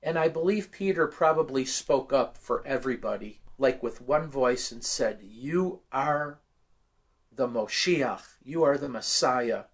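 A man's voice: medium pitch, unhurried, breathy edge. A man sharing a personal faith story in conversation, telling it earnestly and quoting what others said. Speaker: guest sharing testimony.

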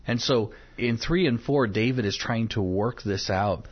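An earnest man walks through a Bible passage on a Christian talk show, pausing on fillers and slowing down when he reads verses aloud. His voice is a little husky, and the lo-fi recording sounds dull. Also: medium pitch. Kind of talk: devotional Bible teaching in conversation.

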